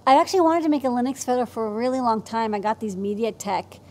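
A woman's voice: a little high, expressive, fast talker, mellow. Chatty woman co-host. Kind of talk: casual chat.

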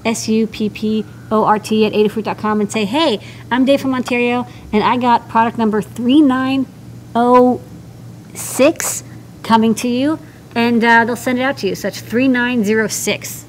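A woman's voice: on the high side, fairly even intonation, moderate pace, slight background noise, low-quality recording. A woman co-hosting a live engineering stream, chatting in a casual, playful and bubbly way. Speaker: co-host.

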